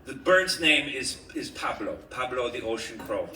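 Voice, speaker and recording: A man's voice: medium pitch, lively intonation, normal speed, bright, forceful tone. A man hosting an improvised comedy sound-effects game, bossy, laughing and swearing as he gives orders. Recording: roomy, distant mic, noisy background.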